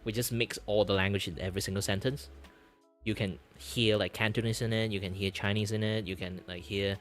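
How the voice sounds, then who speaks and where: A man from Malaysia with a Malaysian English accent touched by Scottish vowels, chatting casually as a streamer in a relaxed, rambling way. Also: on the low side, fairly quick, soft background music. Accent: Malaysian English with slight Scottish influence. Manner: rambling, relaxed, lots of fillers. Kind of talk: casual chat.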